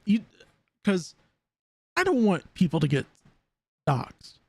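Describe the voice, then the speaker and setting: A man's voice: high-pitched, wildly swooping pitch, takes it slowly, mellow, husky, no echo. A man live-streaming casual commentary, rambling and often stammering over repeated words.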